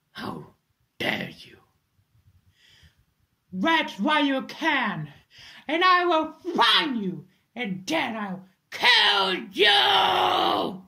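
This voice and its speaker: An imperious, vengeful vampire lady of noble blood, voiced by a woman in a fan impression, speaking in a slightly raised, bright and sharp voice. She drags her words out with great slowness and theatrical weight. Her pitch rises and falls widely between hissed whispers and shouted threats. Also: exaggerated voice. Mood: furious, threatening.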